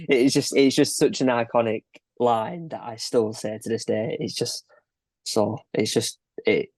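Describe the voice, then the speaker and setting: A man's voice: medium pitch, steady tone, measured pace, a little mellow, no echo. A young man co-hosting a casual film podcast, laid-back and laughing often. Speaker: podcast co-host. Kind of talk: casual film-review chat.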